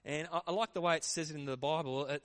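A man preaching a sermon in a lively, conversational way. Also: fairly high pitch, quick pace. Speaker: pastor.

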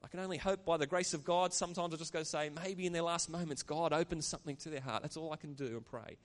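Pastor guy giving a sermon, kinda high voice, chatty asides, big echoey church. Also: fairly even intonation, fast talker. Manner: earnest, conversational preaching with asides.

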